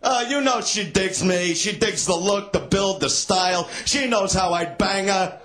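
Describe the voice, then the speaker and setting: Taunting audience members with crude insults, this male comedian does crowd work, shouting and laughing at points. He speaks a bit slowly in a high voice, with faint music in the background.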